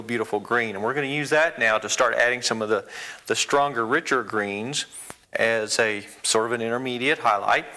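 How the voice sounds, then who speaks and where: A man's voice: medium pitch, sharp tone. A man teaching an oil painting lesson, folksy and encouraging, talking students through each brushstroke. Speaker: painting instructor.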